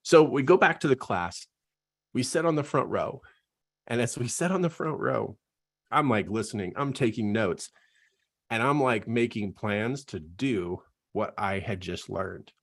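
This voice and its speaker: A man's voice: medium pitch, lively intonation, a little slow, creaky, slightly rough. A middle-aged man, a coach, giving an earnest, emotional personal testimony in a live online talk and laughing at himself.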